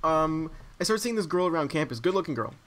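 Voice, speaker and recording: A man's voice: a little high, lively intonation, fast talker, fairly bright tone, a little hiss or hum. A young man hosting a casual podcast chat, telling a rambling story full of fillers. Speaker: podcast host.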